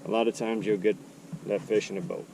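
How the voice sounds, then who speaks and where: A man giving casual fishing tips, explaining his approach step by step in a relaxed way. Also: on the low side, brisk, gravelly, a little hiss or hum. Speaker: angler.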